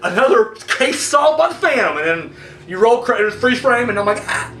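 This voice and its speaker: A man ranting casually to camera, animated and profane and jokey, with quick acted-out asides. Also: very high voice, roomy sound, recorded from a distance, a little hiss or hum. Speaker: video blogger.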